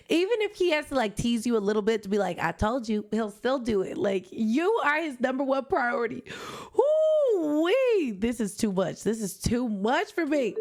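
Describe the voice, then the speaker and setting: Gushing, excitable woman reacting. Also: on the high side. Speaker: reaction video host. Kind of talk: casual reaction commentary.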